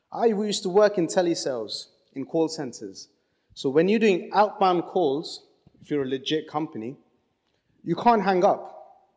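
A man speaks to a congregation in an easy, chatty way, stopping and restarting as he tells stories. His voice sits fairly high. A long reverb rings around him in the hall. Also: a little mellow. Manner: chatty, storytelling, many restarts. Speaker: church speaker. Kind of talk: casual sermon talk with anecdotes.

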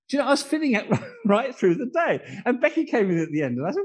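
Male preacher, high husky voice, earnest and confessional sermon delivery. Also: big pitch swings, fast, rough recording. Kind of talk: sermon with personal anecdotes.

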